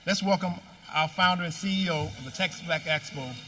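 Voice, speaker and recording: Bright-voiced man introducing a speaker. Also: on the high side, a little fast. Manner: builds up to the welcome with rising emphasis. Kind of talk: formal stage introduction. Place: large hall at a live expo.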